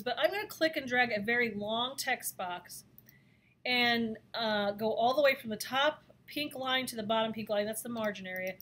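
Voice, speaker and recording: A woman teaching a design software lesson, talking through each step in a chatty way with frequent fillers. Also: fairly high pitch, slight background noise. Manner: chatty, thinks aloud with fillers. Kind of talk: screen-recorded software lesson.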